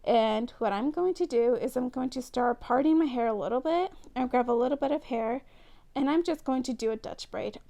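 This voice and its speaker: A woman's voice: high voice, normal speed, gravelly, mellow. A young woman chatting casually and giggling as she talks through a hair tutorial, teasing herself when she slips up. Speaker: beauty vlogger.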